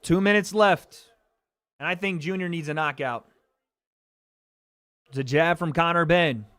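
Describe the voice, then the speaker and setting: A man's voice: fairly high pitch, unhurried, clean tone, no echo, clean studio sound. A man hosting a livestream watch party, calling the punches live and swearing as the action builds. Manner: excitable, swearing, calls punches. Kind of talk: live fight commentary.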